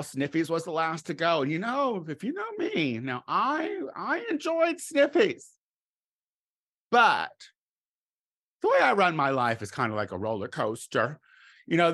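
Middle-aged man, camp comedic monologue, bright voice, lively pitch, crude loud exclamations and low asides.

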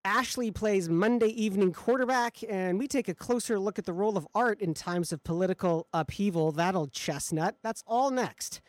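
A man's voice: high voice, moderate pace, hardly any pauses, dry recording. A man hosting a live radio talk show in a studio, upbeat and chatty, laughing easily.

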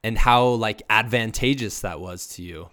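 A man from Iowa hosting a relaxed interview. His voice is smooth and clear, a little low. He keeps an easygoing tone, laughs often and asks questions conversationally. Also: moderate pace. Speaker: podcast host. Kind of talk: casual podcast interview.

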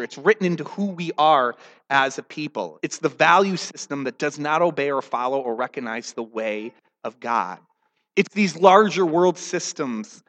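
A man preaching a sermon as pastor, animated, telling the story and acting out the quotes. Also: fairly high pitch, normal speed, in a large hall. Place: church.

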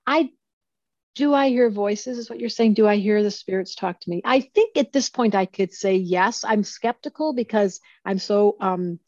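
A woman in her sixties, an astrologer, talking casually in an interview and telling stories with lively acted-out quotes. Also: medium pitch, moderate pace, dry recording, highs cut off. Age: 60s. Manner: animated storyteller who acts out quoted speech. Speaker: astrologer guest.

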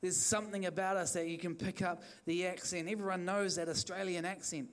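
This pastor's voice is high-pitched with fairly even intonation, brisk and clean in tone. Preaching an evening sermon, he exhorts the congregation fervently, repeating phrases and restarting as he goes.

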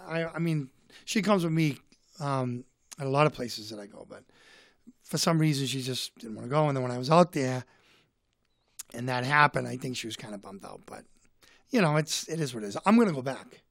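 A man's voice: mid-range voice, lively intonation, brisk, vocal fry, pauses often, dry recording, clean studio sound. A man from Boston with a Boston accent, a comedian telling stories as a guest in a casual, rambling way, fighting a cold. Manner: rambling, chatty. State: has a cold. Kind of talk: casual storytelling.

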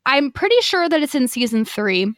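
A woman podcast co-host recaps an episode in a loose, chatty way, swearing and slipping into quoted lines. Her voice sits high. The sound is dry and close to the mic. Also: very animated, moderate pace, fairly bright tone, no echo. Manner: chatty, profane, lots of fillers and acted quotes.

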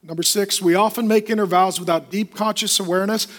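Preaching fast in a high-pitched voice, a pastor delivers an emphatic, lively sermon. He frequently acts out the voices of the people he quotes.

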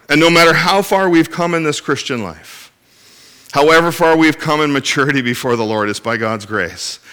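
A man's voice: medium pitch, bright, forceful tone, clear, resonant tone. A man preaching a sermon as pastor, earnest and direct with the congregation, often restarting his phrases. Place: church in Inverness.

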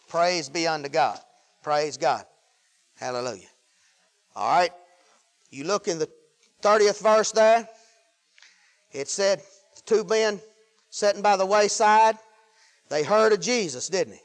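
A man preaching a fervent sermon, swinging between loud exclamations of praise and low, quieter asides. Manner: fervent, rising and falling with hallelujahs.

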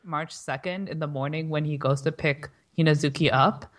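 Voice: mid-range voice, fairly even intonation, moderate pace, fairly bright tone. A panelist in a casual group chat who talks hesitantly with many fillers and poses questions. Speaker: podcast panelist. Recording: voice distant from the mic.

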